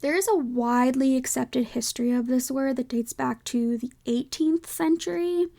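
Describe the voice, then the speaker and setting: Young woman, light Southern accent, casual podcast host, creaky vocal fry, somewhat high voice. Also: normal speed, mellow. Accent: light Southern American. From American South. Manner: chatty, many "like" fillers, self-questioning asides. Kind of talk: casual solo podcast talk.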